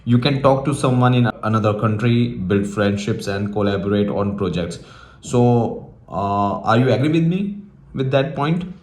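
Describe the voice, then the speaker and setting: A man hosting an English practice discussion, talking in a halting way with frequent pauses. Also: on the low side, animated, reverberant. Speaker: host.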